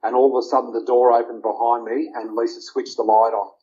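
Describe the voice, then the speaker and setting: A man's voice: mid-range voice, level tone, a little fast, dark tone. A middle-aged man, telling his personal story in an interview, emotional and rambling with fillers. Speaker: interview guest. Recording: dull lo-fi audio.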